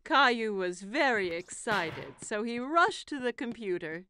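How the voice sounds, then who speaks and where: Expressive woman narrating a children's cartoon. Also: a little high, measured pace, soft background music. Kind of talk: scripted storybook narration.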